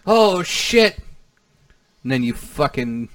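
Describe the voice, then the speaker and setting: A man's voice: fairly high pitch, sing-song, takes it slowly, fairly bright tone, dry recording, clean studio sound, distant mic. A man co-hosting a comedy podcast, crude and boisterous, swearing freely. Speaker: podcast co-host. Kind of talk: casual comedy chat.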